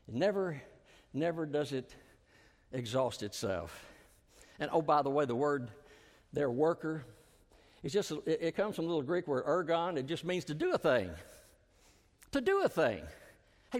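Guy preaching a sermon, high voice, big echoey church hall, drops way low to land each point. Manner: dynamic preaching, rising then dropping low for emphasis. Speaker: pastor. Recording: long hall reverb.

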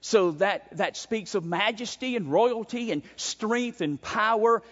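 A male pastor preaching a sermon, emphatic, with sudden swings in pitch and pace. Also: lively intonation, unhurried, fairly bright tone. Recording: dull sound with long hall reverb.

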